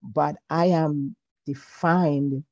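Woman guest, mellow warm tone with some fry, pausing and thoughtful, dull recording. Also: deep voice, fairly even intonation, dry recording. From Jamaica. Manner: hesitant, pauses with um, faith-filled. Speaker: podcast guest, counselor. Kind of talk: reflective personal storytelling.

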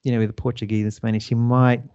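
Mellow-voiced man hosting a game segment. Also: medium pitch, little pitch movement, fast, dull audio. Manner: laid-back, with frequent fillers and chuckles. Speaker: podcast host running a game segment. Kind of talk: casual chat.

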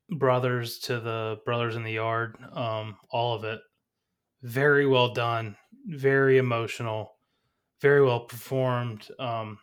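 A man's voice: mid-range voice, fairly bright tone, clear, resonant tone. A man co-hosting a movie podcast, talking in casual review chat and rambling through many restarts. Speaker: podcast co-host.

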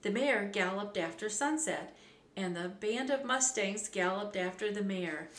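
A woman with a medium-pitched voice reads a children's storybook aloud, measured, clear, and expressive. The recording has a roomy echo and a faint background hum.

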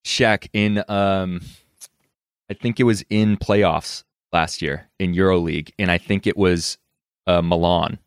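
A man co-hosting a casual stream chat, playful and quick to laugh. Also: sits low, steady tone, clean tone, no room sound, studio quality. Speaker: co-host.

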